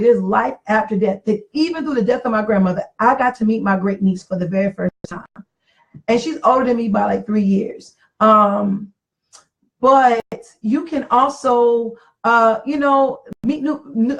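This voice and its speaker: Earnest woman with a higher voice. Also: rough recording. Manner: earnest, reflective, repeats herself for emphasis. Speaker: podcast co-host. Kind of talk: casual marriage talk.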